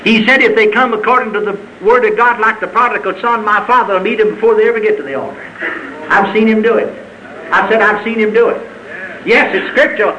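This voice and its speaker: Preaching in an old-fashioned cadence, this man swings from loud, high exclamations to low, quiet asides, keeping a steady tone at a fairly quick pace. The audio is dull with a little hiss or hum.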